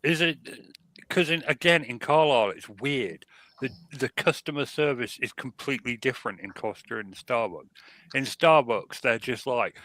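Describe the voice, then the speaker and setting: A man's voice: medium pitch, moderate pace, bright, forceful tone, dry recording. A man from England co-hosting a podcast, making blunt, wry complaints in casual chat. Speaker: podcast co-host.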